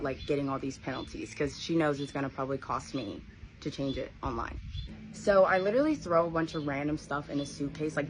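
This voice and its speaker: A young woman telling a personal story in a casual vlog, acting out the voices of people she quotes. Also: deep voice. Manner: animated, acts out quoted voices. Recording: noisy background ambience.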